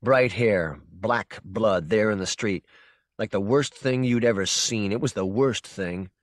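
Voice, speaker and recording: A man narrating a short story for an audiobook in a measured, intense second-person voice. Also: on the low side, dry recording, studio quality. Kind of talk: scripted narration.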